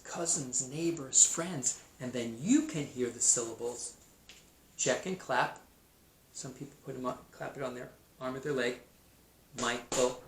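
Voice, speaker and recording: Man teaching kindergarten math slowly. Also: mid-range voice, creaky, a bit bright. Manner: slow, sounds out words and names for children. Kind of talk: kindergarten math video lesson. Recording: echoey room, faint noise.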